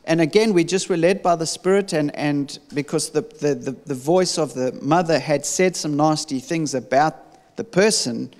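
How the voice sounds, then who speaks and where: Male minister, slightly high voice, lively storyteller, heard in a reverberant space. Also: moderate pace. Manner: animated storytelling with many restarts. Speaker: deliverance minister. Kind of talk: conversational teaching.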